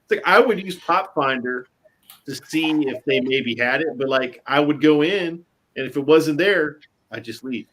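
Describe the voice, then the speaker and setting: A man's voice: fairly high pitch, moderate pace, fairly bright tone, a little hiss or hum, rough recording. An easygoing man chatting casually on a podcast, using lots of fillers. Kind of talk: casual chat.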